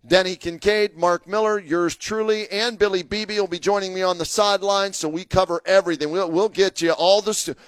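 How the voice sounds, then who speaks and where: A man's voice: sits high, fairly even intonation, brisk, few pauses, smooth, no room sound. A man co-hosting a local radio sports show, talking in an upbeat, promotional way with lots of fillers. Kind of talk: casual radio talk.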